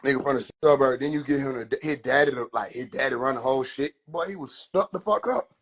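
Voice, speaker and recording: Husky young man riffing profanely. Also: mid-range voice, fast talker, a bit bright. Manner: rambling, profane, laughing banter. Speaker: livestream host. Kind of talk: casual comedic riffing on a livestream.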